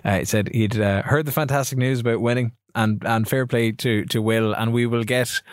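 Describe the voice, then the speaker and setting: Male co-host, mid-pitched, chatty and giggly, stop-start delivery, dry booth sound. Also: fairly even intonation, no room sound. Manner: laughs often, halting restarts. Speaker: podcast host. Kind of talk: casual chat.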